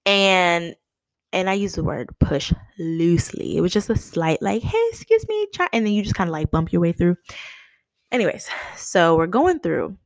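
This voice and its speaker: Animated woman telling a party story. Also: normal speed, gravelly, no room sound. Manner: animated, acts out quoted lines with big pitch jumps. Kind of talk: casual storytelling.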